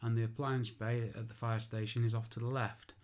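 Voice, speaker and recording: A man's voice: mid-range voice, flat delivery, fairly quick, a little mellow. A man who works as an architectural photographer, giving an informal spoken tutorial. He chats, makes self-deprecating asides and corrects himself aloud.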